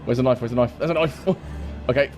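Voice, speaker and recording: A man streaming a fighting game, reacting loudly, repeating himself and laughing often. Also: medium pitch, fast, over music. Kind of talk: excited gameplay commentary.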